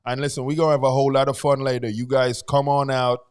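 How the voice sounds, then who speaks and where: A man with a Jamaican accent, a guest in casual chat, telling stories in an animated way and laughing easily. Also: mid-range voice, fast, clear, resonant tone.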